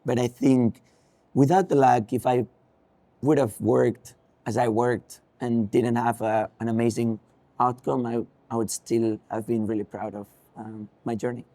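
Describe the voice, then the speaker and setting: A man's voice: mid-range voice, steady tone, a little slow, warm tone, no room sound. A young man with a Spanish accent, a racing driver, answering interview questions thoughtfully with frequent ums and restarts.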